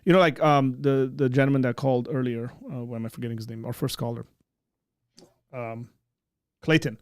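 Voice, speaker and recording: A man's voice: medium pitch, steady tone, fairly quick, clean tone, no room sound. Guy rambling on his livestream, lots of ums and restarts, dry sound. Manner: rambling, many fillers and restarts. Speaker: host. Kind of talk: casual livestream chat.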